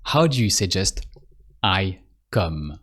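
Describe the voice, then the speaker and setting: Slow, patient male teacher. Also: low voice, very animated, fairly bright tone. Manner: slow, patient, repeats phrases and pauses for the learner. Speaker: French teacher. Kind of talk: calm spoken language lesson.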